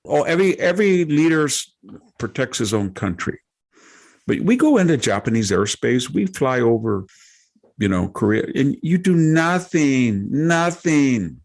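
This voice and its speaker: A man's voice: mid-range voice, big pitch swings, moderate pace, creaky. A man voicing a brash, pushy young woman operative with a Valley Girl accent, who taunts him and keeps calling him "man". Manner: slangy and taunting, calls people "man".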